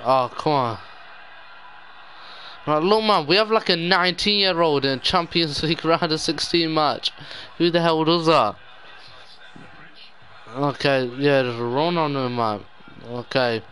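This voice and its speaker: A man's voice: a little high, measured pace, pauses often, fairly bright tone, a little hiss or hum. A young man giving live gameplay commentary, despairing and muttering with sudden outbursts. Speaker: gaming YouTuber.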